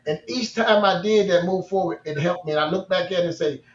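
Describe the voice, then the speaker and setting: High-voiced man in a dull roomy recording. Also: a little fast, far from the mic, a little hiss or hum. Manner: animated, laughing, repetitive, emphatic. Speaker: podcast co-host. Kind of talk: casual motivational storytelling.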